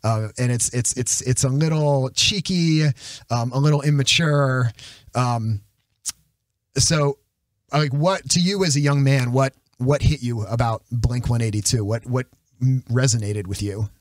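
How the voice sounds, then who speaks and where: A man's voice: medium pitch, measured pace, no echo, clean studio sound. A man hosting a podcast in a casual conversational interview, enthusiastically talking through music and counting out beats. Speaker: podcast host.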